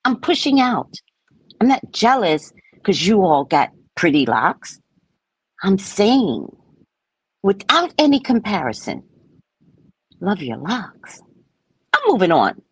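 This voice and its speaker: A woman giving a casual spiritual talk as a psychic reader, lively in her stories, slow and hushed when she reads aloud from a book. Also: mid-range voice, breathy edge, no room sound, rough recording. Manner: animated, acts out voices in quoted exchanges, then slow and hushed when reading.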